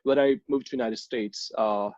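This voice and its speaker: A man's voice: medium pitch, steady tone, normal speed, darkish tone, dry recording. Hesitant young man from India, muffled. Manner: hesitant, many ums and restarts. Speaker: podcast guest. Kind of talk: casual interview chat. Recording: dull, dry lo-fi sound.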